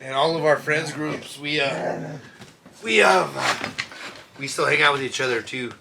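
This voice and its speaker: A man's voice: fairly high pitch, measured pace, gravelly, noisy background. A man in his twenties, co-hosting a comedy podcast in a laid-back, swearing, easily amused way. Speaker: podcast co-host. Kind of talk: casual chat.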